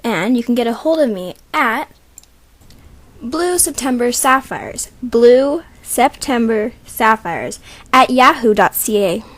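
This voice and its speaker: A woman's voice: a little high, animated, slow, a bit bright. A woman with a thin, slight voice, chatting casually and rambling as she explains a voice casting call. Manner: rambling and chatty, with many fillers and asides. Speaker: creator announcing a voice casting call.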